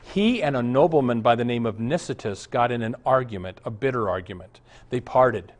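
A man's voice: mid-range voice, expressive, a little fast. Earnest storytelling male pastor. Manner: earnest, storytelling, chuckles often. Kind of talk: sermon and Bible Q&A.

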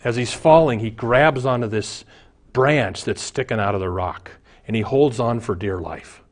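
A man's voice: medium pitch, normal speed. A man preaching a sermon as a pastor, telling stories and jokes and acting out the voices in them.

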